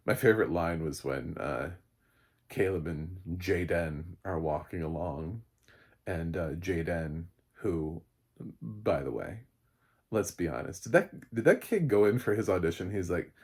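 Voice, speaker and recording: Husky, rambling, sarcastic man. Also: sits low, expressive, measured pace, darkish tone. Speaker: film critic. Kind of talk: casual comedic review monologue.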